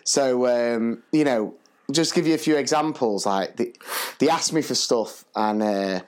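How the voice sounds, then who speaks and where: A man co-hosting a podcast, telling stories in a chatty, slangy, animated way. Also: mid-range voice, a little slow, clear, resonant tone. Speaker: podcast co-host and primary school teacher. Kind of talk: casual storytelling chat.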